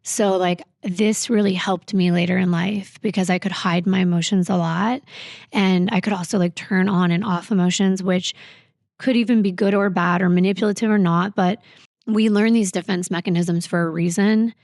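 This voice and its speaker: A woman guest on a podcast, recounting a painful personal story in a halting, reflective way full of fillers. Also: on the low side, steady tone, darkish tone, no room sound, clean studio sound.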